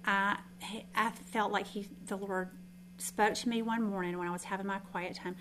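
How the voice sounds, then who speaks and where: A woman's voice: mid-range voice, fairly even intonation, moderate pace, a bit bright, a little hiss or hum. A woman, telling stories in a chatty, self-deprecating way while teaching a group. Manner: chatty, self-deprecating storytelling with frequent restarts. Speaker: Bible teacher. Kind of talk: informal sermon to a group.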